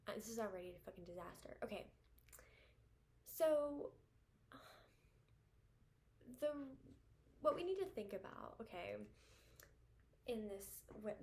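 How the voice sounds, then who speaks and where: A woman's voice: medium pitch, expressive, a little slow. A young woman talking casually to camera about dating advice for women, blunt, chatty and full of swearing and fillers. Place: indoors at home with air conditioner running. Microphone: camera facing her. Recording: audible background hum at home.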